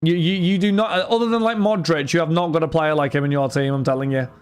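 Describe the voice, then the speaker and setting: Young guy hosting a live card-break stream, smooth clear voice, a bit high, chatty and rambling. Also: steady tone, fast talker, faint music behind. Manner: chatty, addresses chat and viewers by name, frequent restarts. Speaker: livestream host running card breaks. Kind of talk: casual livestream chat.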